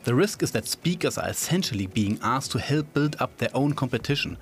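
A man reading scripted news narration in a measured, even way. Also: mid-range voice. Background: faint music.

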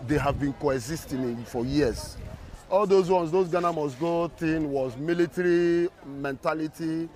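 A man's voice: a little high, measured pace, darkish tone. Man talking emphatically in a street interview.

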